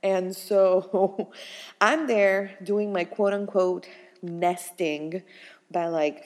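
A woman's voice: mid-range voice, in a large hall. Chatty young woman telling a story. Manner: chatty, animated, laughs often, lots of "like". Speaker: vlogger. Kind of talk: casual storytelling to viewers.

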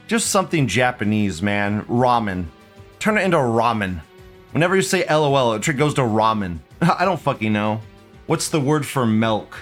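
A man in his thirties riffs through a live commentary stream at an ordinary middle pitch. His talk is loose and profane, broken by frequent laughs and slow, stretched-out mocking words. Soft music plays faintly underneath. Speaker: livestream show host.

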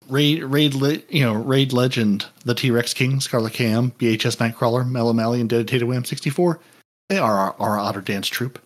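A man hosting a gaming podcast in casual chat, rambling and joking as he thanks supporters. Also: mid-range voice. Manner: rambling, jokey. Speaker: podcast host.

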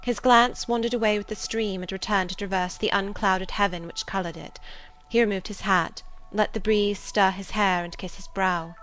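A woman narrating a classic novel as an audiobook reader, with measured, expressive storytelling. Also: medium pitch, low-quality recording. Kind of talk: scripted literary narration.

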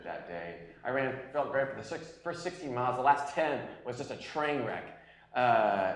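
A man in his forties preaching a sermon as a pastor, telling personal stories earnestly, at times loud and at times hushed. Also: mid-range voice. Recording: echoey room.

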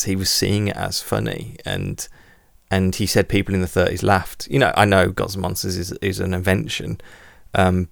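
A man's voice: deep voice, gravelly, no echo, clean studio sound. A man chatting casually about old horror films, rambling with lots of fillers and restarts. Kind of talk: casual film podcast chat.

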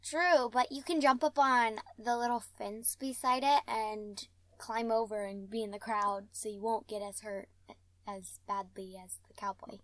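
Casting: woman, slightly high voice, hesitant casual talk, dry close sound. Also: steady tone, measured pace, no echo. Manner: hesitant, many ums. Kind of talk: casual chat.

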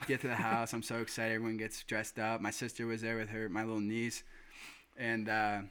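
A man telling a hunting story in casual chat, excited and swearing now and then. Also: mid-range voice, clear, resonant tone.

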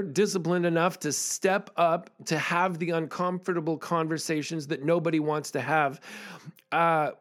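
A man hosting a podcast, telling a personal story in a casual, candid way with fillers and the odd swear. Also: fairly high pitch. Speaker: podcast host.

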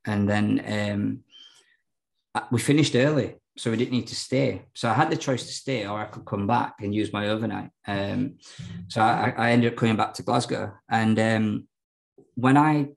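A man's voice: on the low side, vocal fry, darkish tone, low-quality recording. A man, a podcast guest telling his story candidly, rambling with lots of fillers and restarts.

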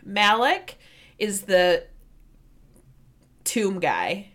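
This is a woman in casual conversation whose voice sits a little high. She talks with emphatic, animated energy, ranting and circling back to hammer her point home. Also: normal speed. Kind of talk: casual chat.

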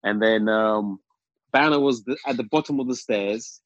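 A man's voice: mid-range voice, moderate pace, dry recording, muffled recording. A man telling a long anecdote in casual conversation, with many ums and restarts. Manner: rambling, many ums and restarts, lively quoted asides. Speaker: guest. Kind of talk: casual storytelling.

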